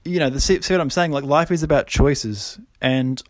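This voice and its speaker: A young man hosts a podcast in a casual, rambling way, packing in fillers and laughing often. His voice is on the high side at a moderate pace, with no echo.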